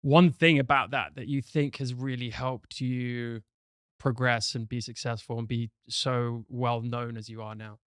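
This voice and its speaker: A man's voice: mid-range voice, level tone, unhurried, clean tone, no room sound, clean studio sound. A man hosting a podcast, asking a guest questions in a thoughtful, slightly hesitant way. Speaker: podcast host, interviewer. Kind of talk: interview questions.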